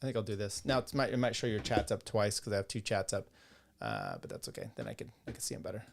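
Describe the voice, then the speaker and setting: A man's voice: on the low side, animated, fast talker, gravelly, slight background noise. Male podcast host, casual livestream legal commentary, sarcastic asides between readings of rulings. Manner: reads court rulings aloud with sarcastic asides; casual, rambling, with fillers and restarts.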